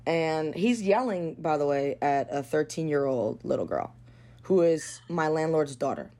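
A woman's voice: sits low, expressive, moderate pace, a little mellow. A young woman from New talks. She tells her story bluntly and casually, swearing often and leaning on "like". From New York. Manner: blunt and profane, lots of "like". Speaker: guest.

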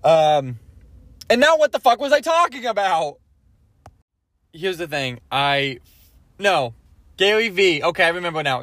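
A man's voice: on the high side, fairly bright tone, dry recording. A man in his twenties doing a rambling comic podcast monologue, often breaking off and asking "okay?". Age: 20s. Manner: rambling, self-interrupting, asks "okay?" often. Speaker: podcast host.

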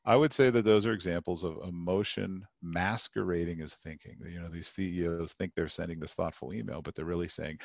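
Low gravelly man, coach on a podcast. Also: fairly quick, few pauses, no echo. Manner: animated storyteller with frequent restarts. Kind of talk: podcast interview conversation.

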